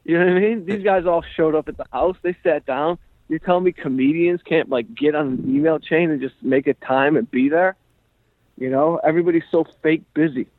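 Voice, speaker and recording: A male comedian and podcast host telling a story in a rambling, animated way, full of "like" and "you know". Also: on the high side, a little fast, no echo. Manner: rambling, animated, heavy use of "like". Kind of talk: casual storytelling chat. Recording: dry tinny phone-like sound.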